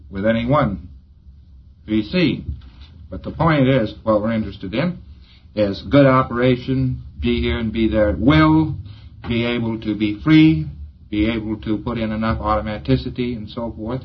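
Man giving a rambling taped lecture. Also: medium pitch. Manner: rambling, chuckles at his own jokes. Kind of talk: informal recorded lecture. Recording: dull lo-fi lecture tape with faint hiss.

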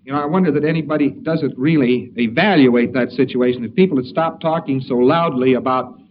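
A man's voice: medium pitch, fairly quick. A man giving an informal lecture in a wry, digressive way, acting out the quotes he gives. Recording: dull distant recording with faint hiss.

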